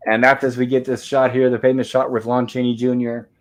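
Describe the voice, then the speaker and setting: A man hosts a relaxed movie review livestream. He recaps the film scene by scene, reading the characters' lines aloud as he goes. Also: medium pitch, fairly quick, low-quality recording. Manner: narrates scenes step by step, reading out dialogue.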